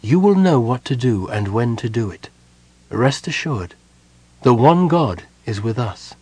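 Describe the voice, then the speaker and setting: A man voicing a calm, devout young woman prisoner who speaks softly but firmly. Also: mid-range voice, unhurried, husky, no room sound. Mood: serene.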